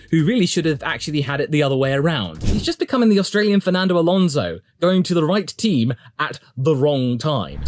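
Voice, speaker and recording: A man delivering chatty, opinionated solo commentary for an online video, emphatic and swinging his pitch for emphasis. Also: dry recording. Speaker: motorsport YouTube commentator.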